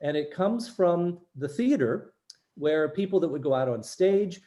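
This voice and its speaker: Older East Coast man, mellow presenter voice. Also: fairly high pitch, expressive, measured pace. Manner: explanatory, checks in with "right?". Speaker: workshop presenter. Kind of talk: teaching international students.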